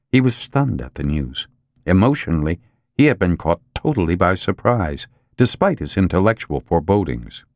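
A man narrating an audiobook in an expressive, dramatic storytelling manner. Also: deep voice, normal speed, no room sound, studio quality. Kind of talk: scripted narration.

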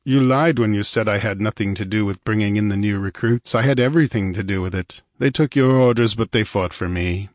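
A man reading aloud, voicing a grim, confident male barbarian warrior who speaks calmly and with certainty. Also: fairly low pitch, fairly quick, few pauses, no echo, clean studio sound, close to an everyday voice. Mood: cold, certain. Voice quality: calm, imperturbable.

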